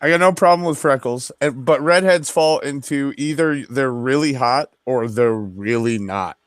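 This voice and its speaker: A man's voice: medium pitch, moderate pace, smooth, dry recording, studio quality. A man in casual chat on a stream, crude and joking.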